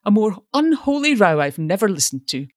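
A woman's voice: medium pitch, big pitch swings, normal speed, no room sound, clean studio sound, voice pushed up, natural voice. Lady voicing a worried young gent, earnest and eager, swoops around a lot. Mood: anxious. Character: anxious, solicitous young gentleman.

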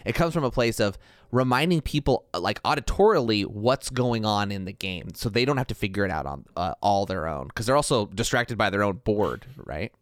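Lower-voiced man chatting about games. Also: animated, fairly quick, no room sound, studio quality. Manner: reflective, chatty, many fillers, laughs easily. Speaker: podcast co-host. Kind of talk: casual board game discussion.

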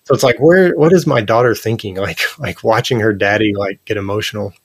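Earnest deep-voiced man telling stories. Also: fairly quick, husky, no echo. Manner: earnest storyteller, animated, lots of "like" and "you know". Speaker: podcast guest. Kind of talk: casual interview conversation.

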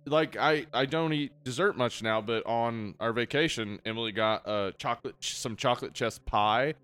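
A man's voice: medium pitch, moderate pace, a bit bright, smooth, no room sound. Laid-back rambling man, mid voice. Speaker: podcast co-host. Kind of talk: casual chat.

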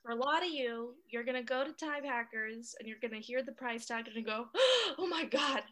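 Animated American woman on a call. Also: a little high, brisk. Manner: animated, gasping for emphasis. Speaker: guest. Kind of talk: enthusiastic podcast sharing. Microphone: video call.

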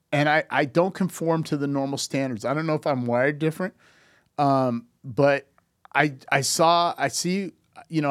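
A man in his fifties with a slightly raised voice, chatting on a podcast. He tells stories animatedly, acting out the people he quotes and often restarting his sentences. The sound is close and dry, with no room echo. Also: fairly high pitch. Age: 50s. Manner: animated storyteller, acts out quoted dialogue, frequent restarts. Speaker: podcast guest. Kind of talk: casual podcast conversation.

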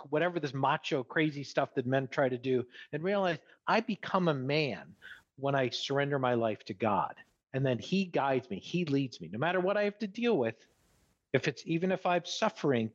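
A man from New York, earnest and emphatic, talking like he is half preaching. His voice is a bit husky and sits fairly high, and it swings up and down a lot. The sound is dull and lo-fi. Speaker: guest. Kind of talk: casual podcast conversation.

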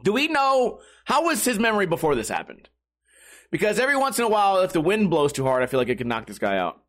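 A man's voice: high voice, fast talker. A man hosting a comedy show, reading a strange news story and riffing on it with crude jokes and frequent laughter. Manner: animated, crude, laughs often, mocking asides. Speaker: comedy podcast host.

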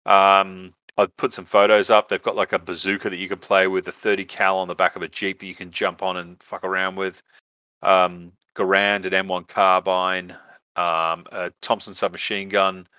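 A man's voice: low-pitched, level tone, normal speed, bright, forceful tone, clear, resonant tone, no room sound. An Australian man hosting a podcast, telling a rambling story casually, with lots of fillers and swearing. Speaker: podcast host.

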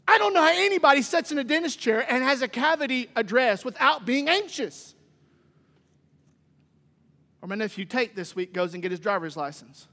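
A man preaching a sermon, moving from loud exclamations to quiet asides and folksy stories. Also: very high-pitched, expressive, normal speed. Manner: folksy, humorous anecdotes. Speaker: pastor. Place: church sanctuary. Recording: long church reverb.

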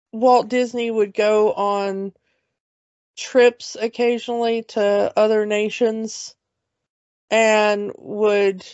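A woman's voice: mid-range voice, a little mellow, dry recording, highs cut off. A woman co-hosting a casual movie podcast, chatty and rambling, with restarts and laughs. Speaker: podcast co-host.

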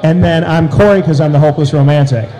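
A man telling an animated story as an interview guest, with loud excited bursts. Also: on the high side, fast talker, rough recording.

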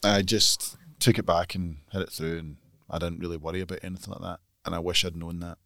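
A man's voice: deep voice, little pitch movement, fairly quick, gravelly, a bit bright, dry recording, clean studio sound. A Scottish man co-hosting a podcast, chatting casually in a grumbling, dryly dismissive way. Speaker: podcast co-host, magazine editor. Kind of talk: casual chat.

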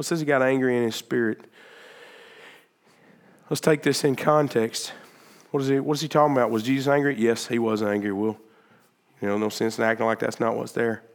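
A man preaching a sermon, acting out the words of Bible figures and swinging between loud emphatic peaks and quieter stretches of explaining. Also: mid-range voice. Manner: animated, acts out Bible figures' words in quoted speech. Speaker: pastor.

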